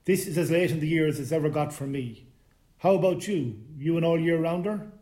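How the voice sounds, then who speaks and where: A man's voice: fairly high pitch, brisk, dark tone, lightly acted. A man voicing a hesitant young man swimmer who talks in an easy, chatty way. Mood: easygoing.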